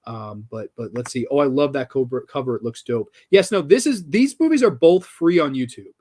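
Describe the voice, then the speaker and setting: A man's voice: mid-range voice, lively intonation, a little fast, warm tone. A man hosting a horror film review show, talking casually and enthusiastically, with casual swearing and lots of restarts.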